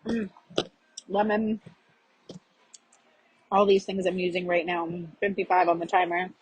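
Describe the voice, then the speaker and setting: Very husky low-voiced woman, confessional. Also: steady tone, unhurried, dry recording, rough recording. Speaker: podcast host. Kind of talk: confessional monologue.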